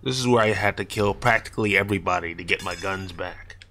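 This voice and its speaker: A man's voice: sits low, fast, bright, forceful tone, a little hiss or hum. Wisecracking male game streamer. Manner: wisecracking, playful. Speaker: gaming streamer. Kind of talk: livestream game commentary.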